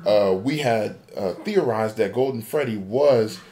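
A man's voice: fairly low pitch, a little slow, warm tone. A man casually retelling a game theory as a story, acting out a panicked character's inner voice. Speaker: podcast co-host. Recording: amateur podcast recording.

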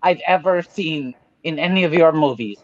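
Casting: playful high-voiced man, lively pitch, dry dull-sounding call audio. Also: moderate pace. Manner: playful, mock-indignant. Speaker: comedy talk show co-host. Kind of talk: improvised comedy chat on a video call.

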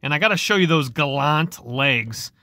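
A man vlogging outdoors while dumpster diving, chatty and excitable, thinking aloud to the camera. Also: on the high side, moderate pace. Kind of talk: casual vlog narration while dumpster diving. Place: outdoors by apartment complex dumpsters.

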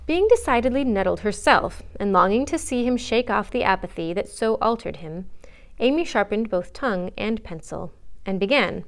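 A woman librarian reading a classic novel aloud for story time, steady and expressive. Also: mid-range voice, moderate pace. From United States.

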